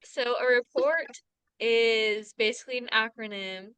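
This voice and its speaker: Bright, crisp-voiced woman chatting. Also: on the high side, unhurried, dry recording, rough recording. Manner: laughs often, chatty storytelling. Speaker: podcast co-host. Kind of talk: casual chat.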